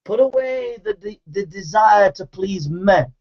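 A man preaching a fiery sermon, calling listeners to repent with forceful, repetitive exhortations and shouted commands. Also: high voice, lively intonation, a little slow. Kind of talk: fiery street-style sermon. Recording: dull lo-fi recording.

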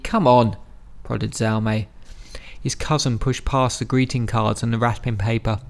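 Male audiobook narrator, measured delivery, gravelly texture, mid pitch. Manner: steady, measured storytelling.

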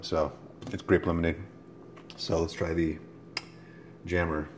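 A man reviewing products in a casual vlog, easily exasperated and breaking into loud, profane outbursts. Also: sits low, little pitch movement, a little slow, a little hiss or hum.

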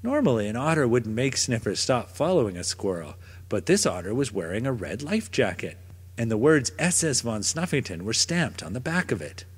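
A man reading a children's picture book aloud in a gentle, expressive storytelling manner. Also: mid-range voice, normal speed, breathy edge. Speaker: storybook narrator. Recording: long reverb.

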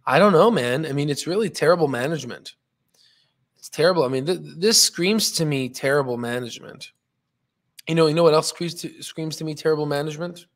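A man's voice: a little high, fairly quick. A man hosting a stock market channel, walking through a chart in casual, rambling talk full of fillers and restarts, sounding a bit tired. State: yawning, tired.

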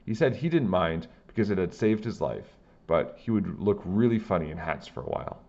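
A man reading a children's chapter book aloud with plain, steady storytelling. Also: low voice, normal speed, lo-fi sound.

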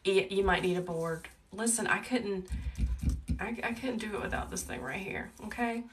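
A woman with a Southern US accent hosting a live wreath-making tutorial, chatty and talkative, with a calm, soothing voice. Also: mid-range voice, moderate pace. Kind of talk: live crafting tutorial chat. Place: home wreath workshop. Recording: a bit distant from the mic, faint background noise.

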